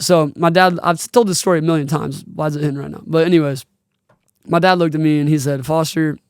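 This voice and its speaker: Man in his twenties, podcast host; slightly high, smooth voice, earnest and casual with slang, choked up at times. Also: fairly even intonation, fast talker, no room sound, clean studio sound. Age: 20s. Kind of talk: personal storytelling.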